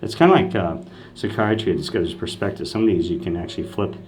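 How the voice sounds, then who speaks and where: A man in a casual vlog, telling a meandering story in an excitable way and often voicing disbelief. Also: sits low, quick pace, slight background noise. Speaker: self-described street minister.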